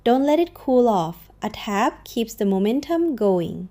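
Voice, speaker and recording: A woman teaching a scripted language lesson, saying each word slowly and repeating it, in an upbeat, encouraging way. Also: fairly high pitch, big pitch swings, dark tone. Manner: models words slowly and repeats each one.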